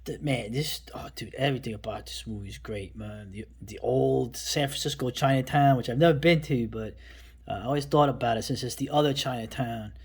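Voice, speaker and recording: A man from New York City chatting casually about a favorite film, rambling and enthusiastic, often trailing off into a soft mutter. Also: mid-range voice, a little fast, breathy edge. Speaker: film vlogger. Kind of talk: casual movie talk.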